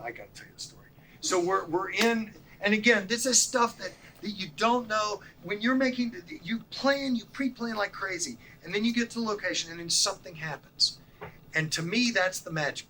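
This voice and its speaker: A middle-aged man teaching documentary production, his voice bright and slightly high for a man. He tells shoot stories excitedly, acting out the people in them and sometimes falling to a hush. Faint background noise hangs over the seminar recording. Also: poor audio. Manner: excitable, acts out dialogue, drops to near-whispers. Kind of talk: animated storytelling lecture.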